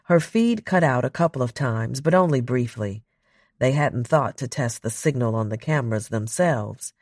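A narrator reading a science fiction audiobook in an even, measured way. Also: medium pitch, no room sound, clean studio sound.

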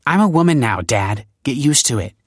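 Brief: male reader as an eighteen-year-old girl, snippy and defiant, raised pitch. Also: expressive, normal speed, slightly rough, no echo, studio quality. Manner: snippy, eye-rolling teenage retorts. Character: teenage girl, eighteen, sassy and impatient.

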